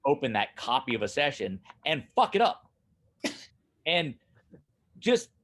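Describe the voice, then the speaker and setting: A man talking casually as a guest about running his recording studio, animated and laughing often, repeating himself as he goes. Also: mid-range voice, slow pace. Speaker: guest, studio owner and drummer. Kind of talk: casual conversation.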